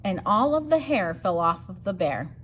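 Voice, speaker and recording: A woman reading a rhyming picture book aloud for storytime, sing-song and expressive. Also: medium pitch, moderate pace, a little hiss or hum. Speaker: storytime reader.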